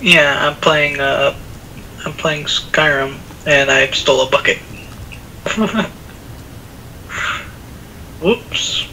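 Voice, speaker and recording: A man's voice: a little high, fairly even intonation, takes it slowly, pauses often, sharp tone, slight background noise, poor audio. A man joking around and commenting casually while playing a game on a live stream, laughing often. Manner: playful, jokey, laughs a lot.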